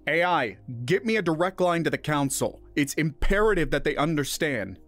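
A man voicing a determined male diplomat who projects forcefully, raised above his narrating voice. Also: on the high side, unhurried, faint music behind, voice pushed up. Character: determined male human diplomat under pressure.

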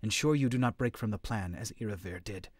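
A man's voice: on the low side, a little fast, no room sound, natural voice. A man voicing a stern, commanding male creature warrior who snarls orders. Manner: snarling, authoritative.

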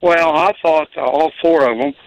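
A man calling in to a radio show, speaking haltingly and plainly. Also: fairly high pitch, fairly even intonation, gravelly, no echo, low-quality recording. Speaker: caller. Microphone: telephone.

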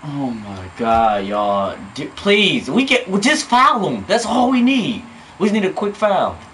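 A young man giving live commentary on his own basketball video game, swinging between loud yells and muttered groans. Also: fairly high pitch, sing-song, a little slow, slight background noise. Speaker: gamer.

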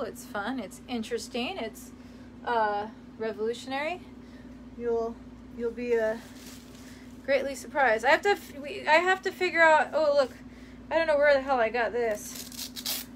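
Slight background noise accompanies this young woman from the US, whose voice is a little high and fairly bright. Going through old clothing at her parents' place, she casually rambles, laughs, and responds to viewers' live comments.

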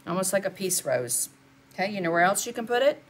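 A woman's voice: mid-range voice, very animated, brisk. An older woman, chatting through a live painting lesson and answering viewers as she works. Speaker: art instructor.

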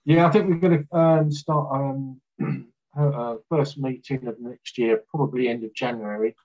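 A man recounting an experience as a guest, talking haltingly with fillers and restarts. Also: medium pitch, steady tone, darkish tone, lo-fi sound. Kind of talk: casual storytelling in an interview.

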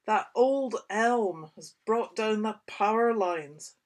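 A woman voicing the father in a picture book, speaking in a lowered, firm voice. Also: slow, close to an everyday voice. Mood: knowing. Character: gruff no-nonsense storybook dad.

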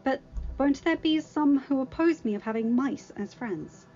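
A woman's voice: high-pitched, normal speed, warm tone, lo-fi sound, pitched above the performer's own voice, natural voice. A woman reading aloud, voicing a kind, shy young woman who talks eagerly to her animal friends. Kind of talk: storybook reading.

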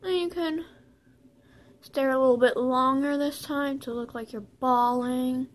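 A woman's voice: sits high, fairly even intonation, measured pace, pauses often. A young woman vlogger giving a joking mock beauty tutorial in a playful, rambling way.

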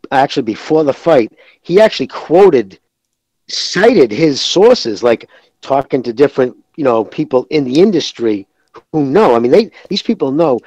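A man's voice: a little high, darkish tone, dry recording, rough recording. A man calling in to a show, talking in a heated, profane, rambling way. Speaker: caller. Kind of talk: casual call-in chat.

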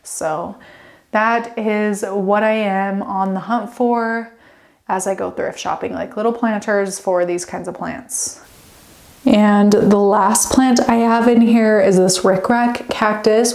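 A woman's voice: medium pitch, a little mellow. A young woman vlogging a casual walkthrough of her plant collection at home, chatty and gushing, wandering off on tangents. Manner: chatty, rambling, goes off on tangents; bubbly, gushing.

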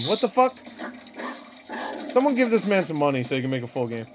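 A man hosting a casual reaction video, talking excitably, swearing and laughing at what he sees. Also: on the high side, brisk, pauses often. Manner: excitable, swears often, laughs and yelps at jump scares.

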